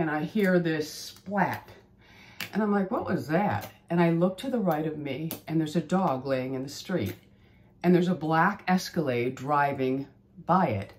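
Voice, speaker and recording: A woman in her fifties, a beauty channel host, chatting casually and rambling through a story. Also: fairly low pitch. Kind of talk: casual chat.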